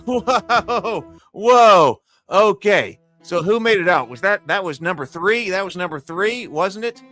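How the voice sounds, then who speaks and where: Male GM calling a live tabletop fight, high, bright and eager, faint music underneath. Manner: excitable, cheers and pleads over dice results. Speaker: game master and streamer. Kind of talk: live play-by-play of a tabletop arena battle.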